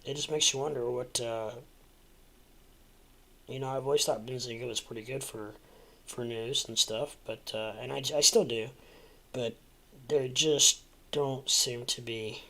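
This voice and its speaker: A man's voice: mid-range voice, steady tone, measured pace, pauses often, sharp tone, poor audio. A man hosting a casual crypto livestream, rambling through market talk with lots of fillers, restarts and jokey asides.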